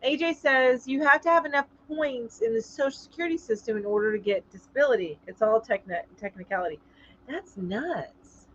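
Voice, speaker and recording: A woman hosts a casual live-stream chat and reads viewer comments aloud. She sounds chatty and sympathetic and often stops on fillers, and her voice sits somewhat high. The audio is dull and lo-fi. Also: a little hiss or hum. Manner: chatty, sympathetic, halting with many ums. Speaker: live show host.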